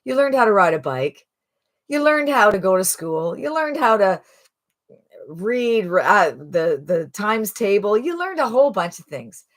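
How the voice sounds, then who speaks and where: A woman in her sixties giving a casual, rambling sales pitch to camera, chatty and full of restarts. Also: big pitch swings, a little slow. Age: 60s. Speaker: online marketing promoter.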